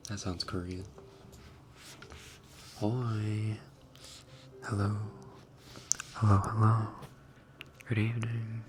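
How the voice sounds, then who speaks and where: Young man, low flat voice, soft half-whispered ASMR stream host chatting to viewers, faint music behind. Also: very slow, pauses often. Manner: chuckles often, tries out foreign words. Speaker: livestream host. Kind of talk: ASMR livestream, reading chat.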